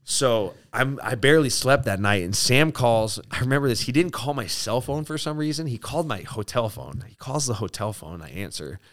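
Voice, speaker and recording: A man from Spokane telling a profane, animated story in casual chat, often acting out what others said. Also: medium pitch, moderate pace, few pauses. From Spokane, Washington. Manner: animated, profane, lots of "like", acts out quotes. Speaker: guest.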